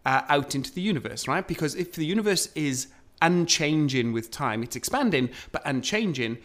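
A man's voice: on the high side, lively intonation, normal speed, fairly bright tone. Man telling astronomy history casually. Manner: storytelling, hesitant with ums and restarts. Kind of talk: conversational science storytelling.

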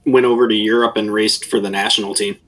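A man's voice: on the low side, fairly even intonation, quick pace, fairly bright tone. A man interviewing a guest, asking short questions.

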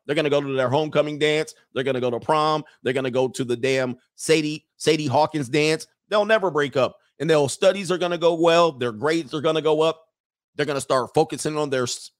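A man hosting a live show, riffing in a mocking, profane comic monologue, laughing often and reading out viewer comments. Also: fairly high pitch. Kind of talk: casual comedic monologue.

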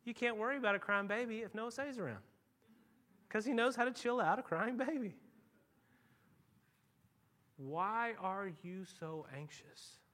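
A man preaching a sermon as pastor, telling stories and swinging from quiet asides to loud, emphatic peaks. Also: very high-pitched, fairly quick. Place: church.

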